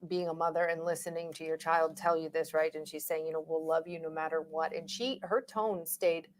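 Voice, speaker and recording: Low, flat-voiced woman co-hosting. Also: fairly quick, slight background noise. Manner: calm, with short agreeing replies. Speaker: true crime stream co-host. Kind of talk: casual chat, reading transcript excerpts aloud.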